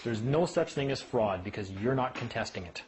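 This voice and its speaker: Man, casual talk, animated storyteller, acts out voices, faint noise. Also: medium pitch, moderate pace, low-quality recording. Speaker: speaker on legal rights. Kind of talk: casual talk to a small group.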